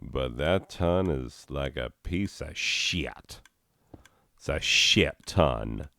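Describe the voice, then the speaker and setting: A man who is high, rambling and giggling through gameplay commentary and swearing freely. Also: animated, drawn-out words, vocal fry, sharp tone, no echo, clean studio sound. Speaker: gaming video host.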